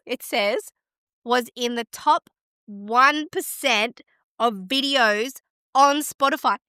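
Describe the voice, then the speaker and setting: A woman hosts a podcast in casual chat, excitable as she gasps and exclaims while reading results and stats aloud. Her voice is on the high side, clear and resonant, at a slow pace, recorded in studio quality with no room sound.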